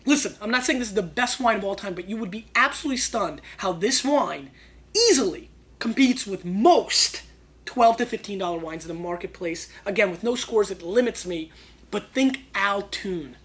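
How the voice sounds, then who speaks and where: A man hosting a wine tasting show, reviewing bottles in a loud, excitable, slangy way that jumps between hushed asides and shouting bursts. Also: high-pitched, normal speed.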